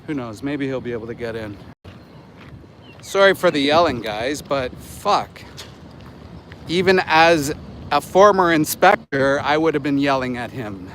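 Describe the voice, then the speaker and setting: Holding his phone to livestream from beside a road outside a slaughterhouse, a Canadian animal rights activist in his forties rants with indignation and shouts at truck drivers. His mid-range voice is expressive and unhurried, with long pauses, and passing trucks and traffic fill the background.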